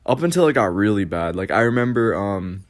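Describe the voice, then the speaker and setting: A man's voice: on the low side, lively intonation, a little fast. A young man casually telling stories from his childhood as a podcast host, rambling and swearing, with many fillers and restarts. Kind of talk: casual storytelling.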